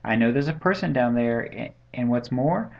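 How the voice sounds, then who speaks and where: A big, kind-hearted storybook elephant who speaks with earnest, pleading care, as a man reads him aloud. The voice is gravelly and grounded. The sound is dull and lo-fi, like a home webcam. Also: medium pitch, animated, moderate pace, darkish tone. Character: kind, loyal male elephant, big and gentle. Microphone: webcam mic.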